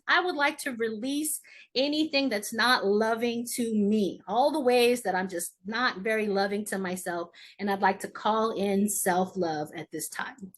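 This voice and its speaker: A woman shamanic healer gently guiding a virtual group ritual over a video call, encouraging each person and answering with aho. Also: high-pitched. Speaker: shamanic healer leading a ceremony.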